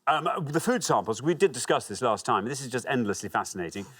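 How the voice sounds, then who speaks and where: Male game show host, animated delivery, jovial teasing banter, studio setting. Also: mid-range voice, quick pace, slightly rough.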